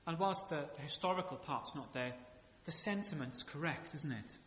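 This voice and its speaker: A male pastor delivers a chatty, joking sermon in a church sanctuary, tossing out plenty of rhetorical questions and humorous asides. His voice is a little high and a bit bright, at normal speed. The echoey church hall reverb comes with a little hiss or hum.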